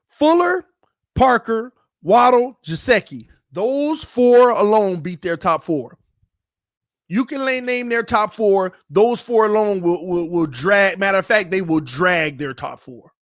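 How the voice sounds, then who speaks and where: A fired-up man talks football straight to his viewers. His voice sits high and the sound is close and dry, with no room around it. He repeats his points, mutters low and then bursts into shouts. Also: lively intonation, a little slow, no echo. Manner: hyped, repetitive, swings from low muttering to shouting. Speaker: sports channel host. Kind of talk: fan commentary on football.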